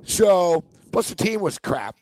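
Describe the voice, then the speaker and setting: A man hosting a sports podcast, telling stories in an animated, chatty way and laughing along. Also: high voice, slow pace, no room sound. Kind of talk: casual sports chat.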